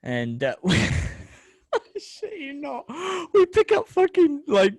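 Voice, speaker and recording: A man's voice: very high voice, slow, dry recording. Man telling rambling, sweary stories. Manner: swears a lot, rambling storytelling with animated voices. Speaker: podcast host. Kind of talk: casual chat.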